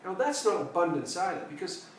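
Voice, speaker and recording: A man's voice: sits high, sing-song, fairly quick, heavy reverb, recorded from a distance, a little hiss or hum, poor audio. A man giving a reflective personal development talk, telling a story and making his points with emphatic repetition. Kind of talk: reflective spoken talk to camera.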